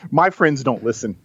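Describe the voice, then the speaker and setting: A man co-hosts a podcast with dry, teasing jokes, and his pitch moves around a lot. His voice comes through a dull, lo-fi recording. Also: noisy background. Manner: wry, deadpan ribbing. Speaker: podcast co-host. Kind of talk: casual podcast banter. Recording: dull lo-fi sound.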